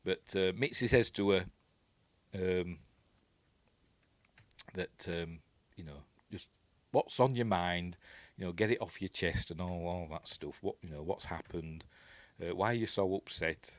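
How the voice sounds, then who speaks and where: A man with a Yorkshire accent talks his way through a film scene by scene in a loose, chatty ramble, stopping and restarting often. His voice sits very low. The recording is close and dry, with almost no room sound. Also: unhurried, pauses often, no echo. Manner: rambling, many fillers and restarts. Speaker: film reviewer. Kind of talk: casual film breakdown.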